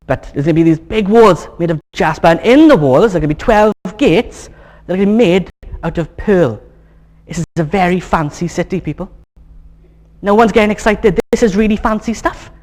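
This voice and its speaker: A man with a notably high voice preaching to his congregation in a chatty, joking way. He keeps coaxing the room to get excited and talks like he's among friends. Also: brisk. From Wales. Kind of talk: sermon. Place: church hall.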